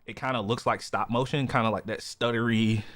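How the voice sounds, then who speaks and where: This podcast co-host has a medium-pitched, steady, slightly bright voice and talks a little fast, recorded dry with clean studio sound. He has the hiccups and rambles through casual chat, full of "you know" and "like."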